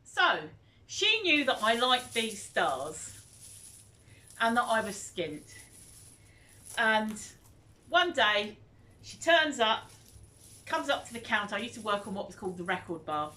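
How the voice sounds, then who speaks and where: Lively, bright-voiced woman vlogger. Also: a little high, measured pace, long pauses. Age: 50s. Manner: chatty, animated, nostalgic. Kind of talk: casual reminiscing chat.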